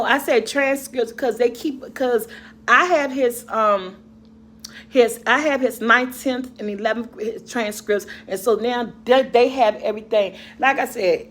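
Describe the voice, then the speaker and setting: A middle-aged woman vlogger and mother, chatting casually and rambling to her viewers about their comments, laughing often. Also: a little high.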